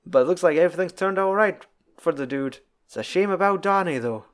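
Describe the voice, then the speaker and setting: A man putting on the voice of an older cowboy stranger who drawls and rambles, gravelly. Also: high voice, expressive, fast, pitched above the performer's own voice. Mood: musing.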